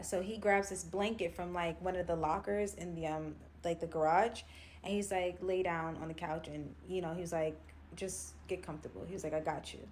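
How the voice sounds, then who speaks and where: A woman telling a personal story in a casual storytime style, acting out the other voices and using a lot of slang. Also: fairly low pitch. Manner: animated, acts out quotes, slangy.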